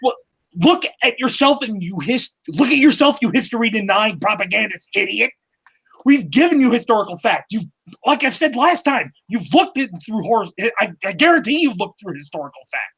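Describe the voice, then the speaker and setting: Angry profane male guest, husky and high-pitched. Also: very animated, normal speed, a bit bright. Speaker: panel guest. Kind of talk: heated panel discussion.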